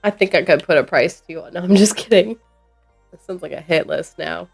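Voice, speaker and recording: Lady streamer rambling to chat, lowish voice, lots of fry. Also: a little fast, faint music behind. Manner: rambling, chatty, reacts to chat messages with playful asides. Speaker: live streamer. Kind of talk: casual chat with viewers.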